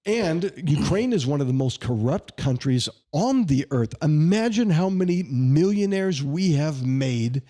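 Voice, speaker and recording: A man's voice: on the high side, expressive, measured pace, hardly any pauses, dark tone. A man answering questions as a candidate in a podcast interview, speaking emphatically, with indignant, sarcastic jabs and chatty anecdotes. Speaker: congressional candidate.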